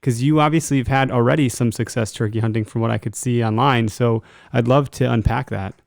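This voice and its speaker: A man's voice: medium pitch, fairly even intonation, brisk, vocal fry, darkish tone, no room sound, clean studio sound. A man hosting a casual interview, talking through his questions in a conversational way. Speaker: host. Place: Wisconsin.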